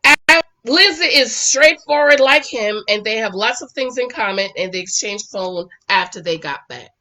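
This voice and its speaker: Woman reviewer, bright and a touch high, sassy recap talk that swings from loud scolding to quiet asides. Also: moderate pace. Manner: sassy, scolds the people on screen; animated, switches between loud and quiet asides. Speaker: reality TV reviewer. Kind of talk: casual recap commentary.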